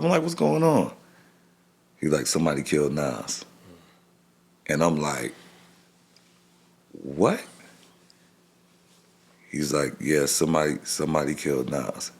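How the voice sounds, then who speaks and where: As a podcast guest, a middle-aged man shares a personal story in a deep, expressive voice with a rough, crackly edge. He speaks in halting bits that often restart, voicing the people involved.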